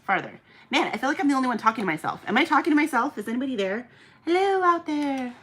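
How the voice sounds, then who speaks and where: A woman's voice: high-pitched, sing-song, fast, a bit bright. A woman hosting a live online auction, chatting casually with viewers and laughing often. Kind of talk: casual live-stream chat.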